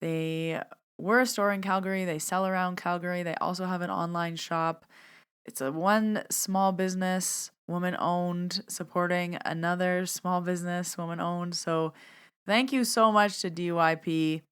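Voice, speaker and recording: A woman's voice: on the low side, steady tone, measured pace, clear, resonant tone. A woman hosting her own podcast, chatting through a reflective, heartfelt year-end recap as a medium and teacher.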